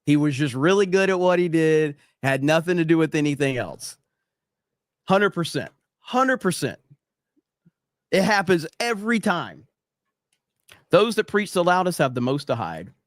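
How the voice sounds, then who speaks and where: A fairly high-voiced man hosts a casual livestream podcast, reading out chat messages and telling stories in a blunt, profane, ranting way. His voice sits dry and close to the mic, with no room sound around it. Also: no room sound.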